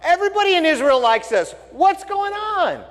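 A man voicing an indignant townswoman who pleads in a shrill, high-pitched voice. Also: sing-song, normal speed, fairly bright tone, full character voice. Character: indignant townswoman shouting from a wall. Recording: long reverb in a large hall.

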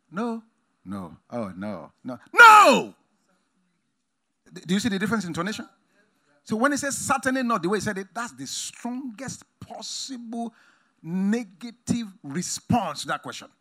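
A male preacher delivering a sermon at a conference, with a somewhat high voice that swings widely in pitch. His delivery is emphatic, moving from loud exclamations to quiet asides. His tone is bright and forceful. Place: conference hall.

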